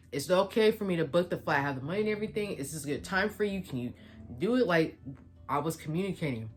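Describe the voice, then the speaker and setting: A young woman vlogger retelling a story in a casual storytime, quoting the back-and-forth of a conversation. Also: fairly low pitch.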